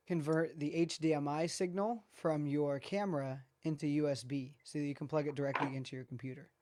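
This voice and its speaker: A guest speaker calmly explaining practical studio gear in a casual video call chat. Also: mid-range voice, brisk. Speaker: guest expert. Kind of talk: casual tech advice chat.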